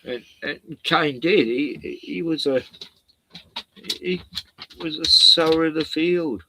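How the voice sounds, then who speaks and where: A man's voice: a little high, takes it slowly, sharp tone, a little hiss or hum, low-quality recording. A man telling a story casually, profane and rambling, laughing at his own jokes.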